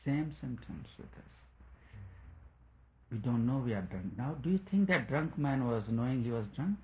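A man's voice: mid-range voice, expressive, moderate pace. Male spiritual speaker, rambling chuckling storyteller, tinny phone-quality line. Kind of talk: spiritual talk with a told story.

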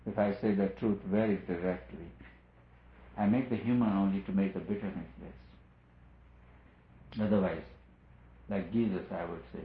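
Low-voiced man giving a tinny, echoey discourse. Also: steady tone, moderate pace, long pauses. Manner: earnest, repeats phrases for emphasis, rising on key points. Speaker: spiritual teacher. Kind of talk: spiritual discourse. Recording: tinny lo-fi with roomy echo.

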